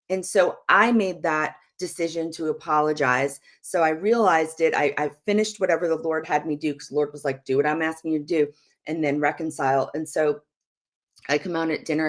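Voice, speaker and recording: A middle-aged woman minister teaching through a personal story, acting out the quotes with frequent laughter. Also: low-pitched. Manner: lively storyteller, acts out quotes, laughs often.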